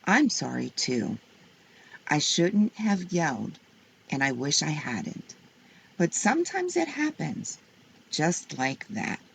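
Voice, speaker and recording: A woman voicing a storybook mother who tries not to yell at her messy child. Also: deep voice, big pitch swings, slow pace, vocal fry, slightly rough, full character voice. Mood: tender.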